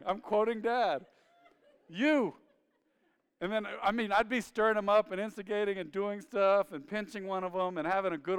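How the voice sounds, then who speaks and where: A man preaching a sermon as a pastor, telling family stories in an animated way and acting out his father's lines loudly. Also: high voice, smooth. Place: church sanctuary. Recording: reverberant church sanctuary.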